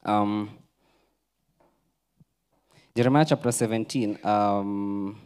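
A Kenyan man preaching a sermon in a church, mixing English and Swahili, swinging from loud urging to a near-whisper. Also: lowish voice, steady tone, slow pace, clear, resonant tone. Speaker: pastor.

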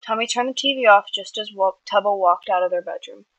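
A woman's voice: mid-range voice, brisk, fairly bright tone, no room sound, dull audio. A woman reading her own story aloud in a plain way, with small slips that she corrects. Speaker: fiction reader.

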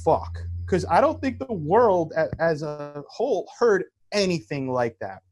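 A man's voice: on the high side, very animated, unhurried, darkish tone. A man in his thirties, co-hosting a podcast, telling a story in casual chat and swearing freely. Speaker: podcast co-host.

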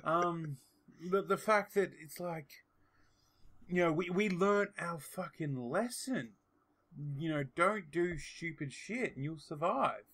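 An Australian man tells stories in casual podcast chat, crude and swearing freely. His voice sits slightly high and sounds bright and forceful, with lively, animated telling. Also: slow pace, husky. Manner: crude, profane, animated storyteller. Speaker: podcast guest.

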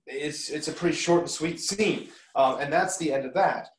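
एक पुरुष शिक्षक, जो आराम से, बार-बार "अम" कहते हुए और मज़ाकिया टिप्पणियों के साथ पाठ समझाता है।. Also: male voice, a little high, normal speed, roomy sound, rough recording. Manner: relaxed, lots of ums, joking asides. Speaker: teacher. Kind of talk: casual recorded lesson.

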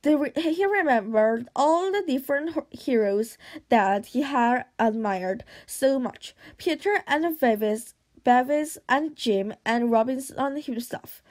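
Woman reading a story aloud, pretty high voice, steady, trips on a word now and then. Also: slow pace. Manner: steady reading with occasional stumbles and restarts. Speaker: audiobook reader. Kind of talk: audiobook reading.

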